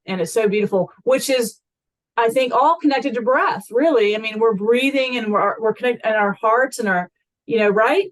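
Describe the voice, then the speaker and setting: A woman hosting a casual conversation, affirming her guest and explaining ideas with warm enthusiasm. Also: a little high, normal speed, low-quality recording. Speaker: host.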